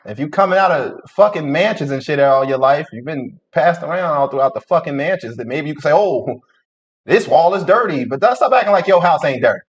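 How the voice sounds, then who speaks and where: A man hosting a casual reaction show, brash and profane, riffing on a story. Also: fairly high pitch. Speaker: reaction host. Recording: muffled lo-fi audio.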